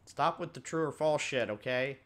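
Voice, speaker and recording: A man's voice: mid-range voice, normal speed, fairly bright tone. Giggly man doing game commentary. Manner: joking, laughs often, mimics characters. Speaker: gaming commentator. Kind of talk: casual let's-play commentary.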